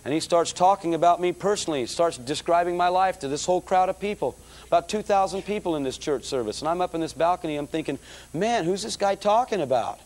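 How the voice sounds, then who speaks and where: A man's voice: fairly high pitch, fast. A man preaching his own testimony to a church audience in an emphatic, colloquial storytelling way.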